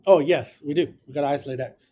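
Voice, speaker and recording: A man's voice: on the high side, fast, mellow. A man teaching a math class, casual and encouraging, talking through each step aloud. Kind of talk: classroom lecture.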